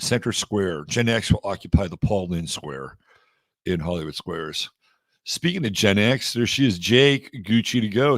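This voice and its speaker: A middle-aged man from Texas with a low voice runs a casual livestream, reading off items and greeting his viewers one by one by name. His chatty, easygoing talk is recorded dry and close, with no room echo. The whole stream feels loose and unhurried. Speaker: astrology livestream host.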